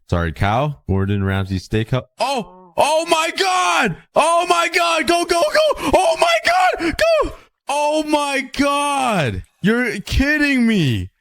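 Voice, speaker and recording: A young man commenting on his own gameplay, excitable and quick to laugh, sometimes breaking into shouts. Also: fairly low pitch, dry recording. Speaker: Minecraft gameplay creator.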